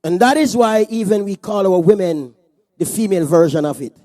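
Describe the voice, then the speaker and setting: A man preaching a sermon as pastor at a church service, animated and joking. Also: high voice, a little fast, no room sound.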